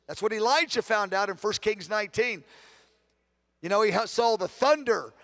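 A man teaching a conference session on prayer, earnest, moving between hushed prayer and emphatic preaching, often repeating himself. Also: sits high, moderate pace. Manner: repeats words, self-corrects.

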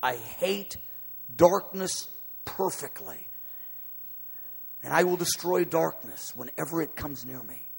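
Preacher guy doing god talking, stern but caring, big emphatic warnings, high voice, lots of hall echo. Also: lively intonation, takes it slowly, creaky, pauses often, husky, full character voice. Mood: solemn. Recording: long hall reverb.

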